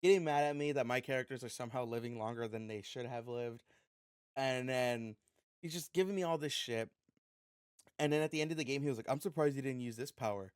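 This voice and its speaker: Animated young man telling a story. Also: medium pitch, brisk, smooth, dry recording, studio quality. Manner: animated storytelling with frequent profanity. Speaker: podcast co-host. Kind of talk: casual chat.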